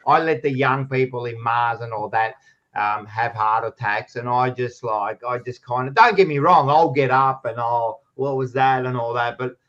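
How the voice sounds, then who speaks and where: A man's voice: medium pitch, moderate pace, fairly bright tone. A man with an Australian accent co-hosting a sports show, casually teasing and needling his rival and swearing now and then. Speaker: podcast co-host. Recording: dull lo-fi sound.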